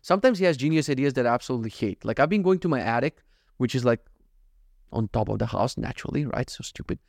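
A young adult man on a casual solo podcast, rambling fast and swearing, mocking himself and quoting others in quick voices. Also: medium pitch, lively intonation, creaky, a little mellow, no echo, studio quality. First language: not given. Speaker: podcast host. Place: at home.

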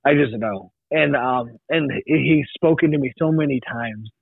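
A man's voice: medium pitch, normal speed, gravelly, husky, dry recording. A young man, a podcast guest, telling a faith story in a rambling way, full of restarts and fillers. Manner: rambling, many restarts and likes. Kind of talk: casual testimony. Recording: tinny phone-like line.

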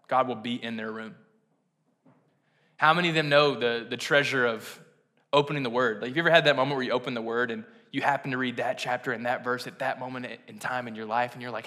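A man's voice: mid-range voice, bright, forceful tone. A man preaching a sermon as pastor, telling a personal story casually and earnestly, full of fillers. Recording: long hall reverb.

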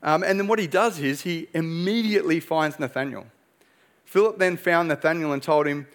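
A man's voice: fairly high pitch, normal speed. A young man preaching a sermon as pastor, earnest and emphatic, pressing his points with rhetorical questions.

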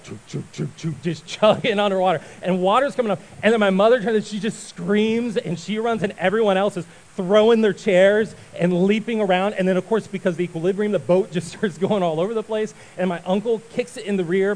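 A male pastor giving a sermon, telling a story with lively acted-out voices before turning to prayer. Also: high voice, a little fast, hardly any pauses, poor audio. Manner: animated storyteller, acts out voices and shouts.

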